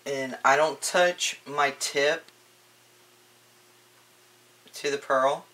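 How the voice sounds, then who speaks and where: A woman giving a casual crafting tutorial, chatty and relaxed, with frequent ums and restarts. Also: a bass voice, very slow.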